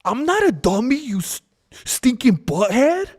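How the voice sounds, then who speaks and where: A man mimicking a boastful male fighter with a childish, drawn-out schoolyard whine. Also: extremely high pitch, very animated, darkish tone, voice pushed up, full character voice. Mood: mocking.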